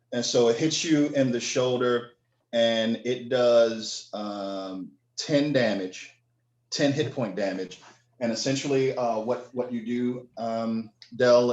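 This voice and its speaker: Slow, low-voiced man in a roomy space. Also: darkish tone, highs cut off. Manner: unhurried, many fillers and restarts. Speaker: game master and game creator. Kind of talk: running a tabletop game.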